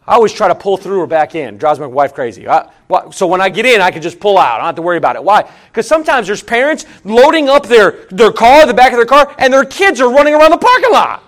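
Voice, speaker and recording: A middle-aged pastor with a notably high-pitched voice delivers a sermon as if talking with his congregation. He stacks repeated phrases and moves between forceful, emphatic climbs and soft, low-key asides. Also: sing-song, quick pace, hardly any pauses. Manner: conversational preaching with repeated phrases.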